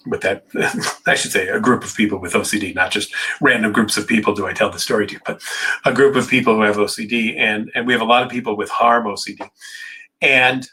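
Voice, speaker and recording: A man who is a clinical psychologist hosting a live Q&A, telling a story in a vivid, dramatic way with quick asides. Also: medium pitch, sharp tone, breathy edge, poor audio. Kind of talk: animated personal storytelling.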